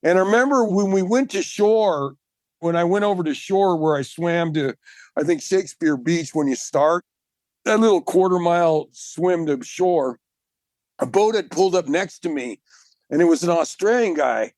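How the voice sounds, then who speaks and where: A man, a marathon swimmer and guest, telling his story in casual chat, animated and emphatic, laughing often. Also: fairly high pitch, normal speed, no echo.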